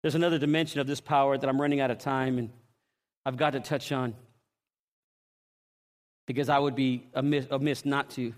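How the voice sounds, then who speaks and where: A middle-aged man preaching a sermon, telling stories dramatically, acting out voices and shouting at the peaks. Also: mid-range voice, fairly even intonation, fairly quick, pauses often. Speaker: pastor.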